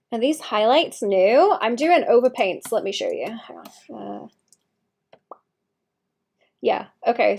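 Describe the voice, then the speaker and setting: A young woman talks through her painting on a casual livestream, her voice sitting at an ordinary middle pitch. She thinks aloud as she works, trails off mid-sentence, restarts, and mutters little asides to herself. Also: a little mellow. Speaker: streamer painting live.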